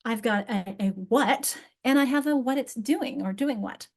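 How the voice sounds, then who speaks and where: A woman's voice: a little high, measured pace. Woman leading an online teacher training. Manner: explanatory, restarts often, animated emphasis on examples. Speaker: literacy trainer.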